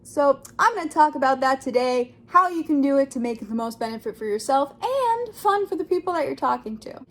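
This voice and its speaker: A woman's voice: high-pitched, expressive, fairly quick, few pauses. A young woman vlogging about writing in a bubbly, chatty way, acting out little quoted exchanges. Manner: bubbly, acts out quoted voices. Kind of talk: casual talk to camera.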